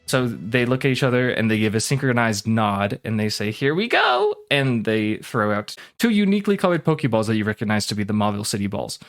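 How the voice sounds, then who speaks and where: A man's voice: fairly low pitch, fairly even intonation, a little fast, few pauses, faint music behind. A man narrating as game master of a tabletop game, talking casually with plenty of fillers.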